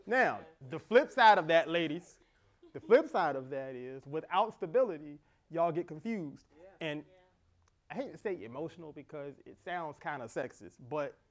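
A middle-aged man, a pastor, preaching an animated sermon with laughter and acted-out dialogue. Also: on the high side, normal speed.

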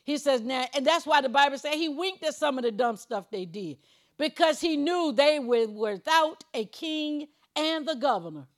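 Woman preacher, high voice, emphatic sermon delivery with loud points and low asides. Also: expressive, moderate pace. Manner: chuckles while preaching, conversational.

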